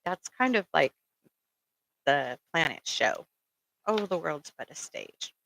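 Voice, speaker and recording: A woman's voice: deep voice, big pitch swings, slow, creaky, fairly bright tone, no room sound, rough recording. A middle-aged woman giving rambling, casual spiritual advice, full of ums and checking in with "okay?". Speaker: spiritual speaker.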